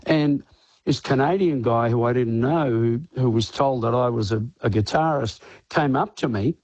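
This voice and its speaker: A man's voice: mid-range voice, normal speed, darkish tone, no echo, muffled recording. An older Australian man, a rock singer, rambling casually in a radio interview with many filler phrases and frequent laughter, on a studio microphone. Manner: rambling, many "you know"s, laughs often.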